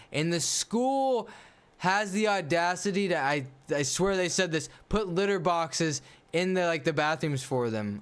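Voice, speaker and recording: A man's voice: on the high side, clean tone. A man livestreaming a game and chatting casually, ranting bluntly in slang. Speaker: gaming livestreamer. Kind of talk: casual livestream chat while playing.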